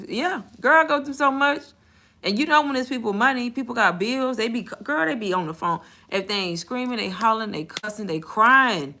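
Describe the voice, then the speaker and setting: A woman's voice: medium pitch, expressive, moderate pace, bright, forceful tone. A young woman talking candidly in a casual storytime vlog, blunt and slangy, laughing often as she talks. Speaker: content creator and bank call center agent.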